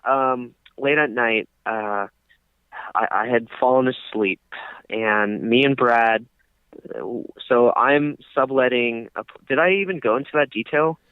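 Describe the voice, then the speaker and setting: A man's voice: medium pitch, measured pace, clean tone, dry recording. A young man co-hosting a podcast, telling a long story in casual chat, full of fillers and restarts. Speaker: podcast co-host. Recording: dry, tinny phone-like sound.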